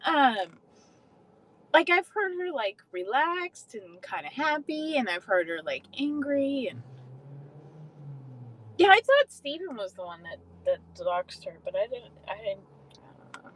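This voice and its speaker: A woman's voice: high voice, sing-song, measured pace, long pauses, fairly bright tone, rough recording. A young adult woman casually chatting on a livestream, swearing freely and answering viewers' comments. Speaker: livestream host.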